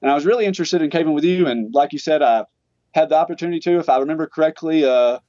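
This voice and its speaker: A man's voice: on the high side, rapid-fire, dark tone, no room sound, muffled recording. A man from Alabama with a Southern accent, chatting in a friendly, easygoing way as a podcast guest. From Tuscaloosa, Alabama. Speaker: guest caver. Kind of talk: casual podcast interview.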